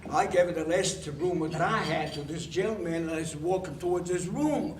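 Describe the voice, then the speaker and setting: A man spins a comic story in a high voice, switching voices for the people he acts out. He is picked up from a distance in a roomy space. Faint noise sits behind him. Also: normal speed. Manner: acts out both people with voice changes, chuckling storyteller. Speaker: comedian telling a joke. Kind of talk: stand-up joke telling.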